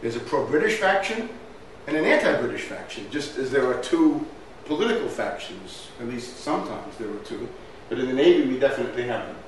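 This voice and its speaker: A man's voice: medium pitch, animated, fairly quick, few pauses. A man lecturing, emphatic and fond of rhetorical questions, recorded from far off in a strongly echoing hall. A faint room hum sits under his mid-range voice. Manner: emphatic, asks rhetorical questions, says "right?" often. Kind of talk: historical lecture with slides.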